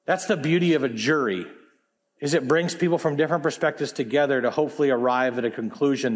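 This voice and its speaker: A man's voice: medium pitch, fast. A man in his forties, a pastor preaching a sermon on stage in a church, reading scripture aloud and adding emphatic, conversational asides. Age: 40s.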